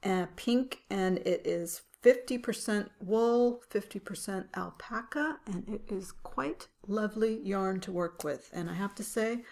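A woman's voice: mid-range voice, unhurried, vocal fry, few pauses, darkish tone. A woman co-hosting a knitting podcast in casual chat, describing things in detail and laughing easily. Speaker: podcast co-host.

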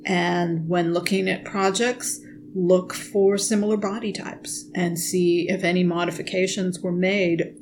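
A woman co-hosts a casual podcast from her home. She explains slowly and methodically, in no rush at all. A faint bit of room ambience sits behind her voice. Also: fairly low pitch, fairly even intonation, darkish tone, a little hiss or hum. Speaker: podcast co-host. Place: at home with pets nearby.

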